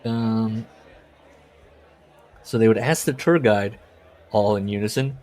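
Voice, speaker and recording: Casting: male podcast co-host, lowish voice, casual chat, reads quotes with wry asides. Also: slow pace, long pauses, darkish tone. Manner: reads book passages aloud with jokey asides. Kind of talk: casual book-club chat.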